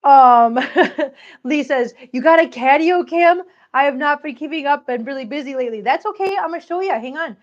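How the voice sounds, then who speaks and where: A woman's voice: high-pitched, moderate pace, highs cut off. A woman vlogger walking around her home with a handheld phone, chatting casually and cooing at her cats in affectionate baby talk, laughing often. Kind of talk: casual live-stream chat. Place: home living room and outdoor catio.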